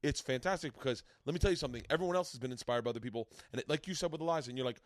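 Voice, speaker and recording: A man's voice: medium pitch, rapid-fire, no room sound, clean studio sound. A man hosting a podcast, telling stories in casual chat, swearing often and acting out quotes. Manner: animated storytelling, swears often, acts out quotes. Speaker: podcast host.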